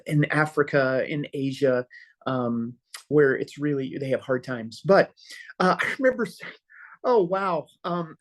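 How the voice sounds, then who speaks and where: A middle-aged man, a pastor guest on a podcast, telling stories casually and acting out quoted dialogue with many filler pauses. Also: fairly high pitch. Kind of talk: casual storytelling conversation.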